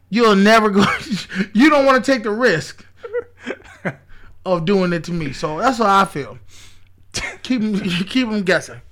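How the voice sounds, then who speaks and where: A man with a notably high voice co-hosting a casual podcast. He gives his views in an animated, opinionated way, often with a laugh in his voice. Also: unhurried, long pauses. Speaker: podcast co-host. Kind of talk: casual chat.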